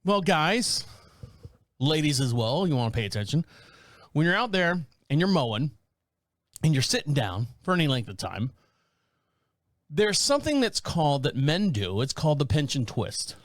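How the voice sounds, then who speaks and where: A man in his fifties from a small rural town hosts a podcast in a slightly high voice at normal speed, with long pauses. Animated and casual, he rambles through comedic stories, laughing often and acting out voices. The audio is clean studio sound without echo.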